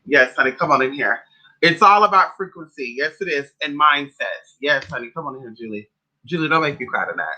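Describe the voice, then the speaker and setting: A man from California tells his livestream audience a story, swearing freely and calling listeners "honey" and "y'all". His voice sits high and rings sharp and bright. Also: expressive, brisk, rough recording. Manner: profane, dramatic, calls listeners "honey" and "y'all". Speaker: spiritual livestream host. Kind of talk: casual storytelling to a live chat.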